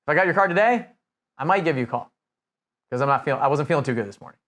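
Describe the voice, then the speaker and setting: A man's voice: on the high side, lively intonation, very fast, fairly bright tone. A man coaching real estate investors in a casual, conversational way, with many restarts and fillers. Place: Nashville.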